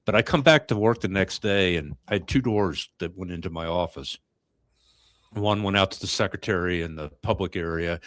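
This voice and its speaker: Deep-voiced man talking reflectively, dry sound. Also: a bit bright, no room sound. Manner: reflective, halting, many restarts. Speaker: podcast host. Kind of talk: casual chat.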